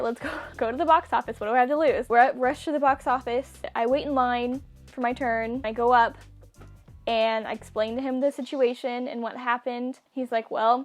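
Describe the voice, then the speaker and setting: Speaking at a fairly high pitch, a young female vlogger recounts something that happened to her in a lively, relaxed way, laughing frequently and performing other people's lines.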